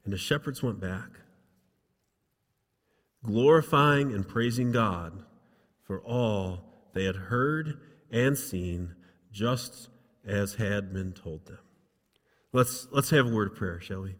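Pastor preaching in a reverberant hall. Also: male voice, on the low side, slow, long pauses. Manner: dramatic reading, rising loud for quotes, dropping soft for asides. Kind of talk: sermon reading and commenting on scripture.

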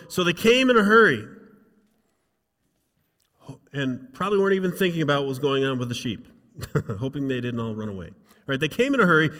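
A male pastor in mid-sermon, his medium-pitched voice trailing off into the long reverb of a large hall. He reads the scripture with rising force and then falls to soft, conversational asides. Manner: dramatic reading, rising loud for quotes, dropping soft for asides. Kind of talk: sermon reading and commenting on scripture.

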